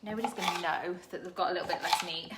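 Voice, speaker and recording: A woman's voice: fairly low pitch, a little fast, heavy background noise. A woman chatting casually to live viewers while cooking in her home kitchen, laughing often. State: teary from chopping onions. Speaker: cooking vlogger.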